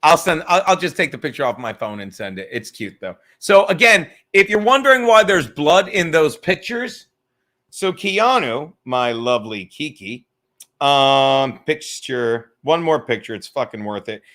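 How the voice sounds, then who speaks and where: A high-pitched man with a bright, tense edge, chatting casually on a livestream. He rambles and jokes through an anecdote, swearing often, and his voice swings widely in pitch. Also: sing-song, unhurried. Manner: rambling, profane, joking storyteller. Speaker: podcast host.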